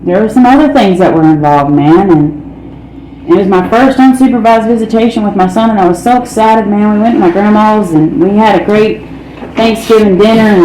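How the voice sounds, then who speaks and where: A woman's voice: mid-range voice, warm tone. A woman giving a candid, blunt recovery testimony as a speaker, peppering her talk with "man" and "you know.". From North Carolina, United States. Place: meeting hall. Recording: echoey room with faint ambient noise.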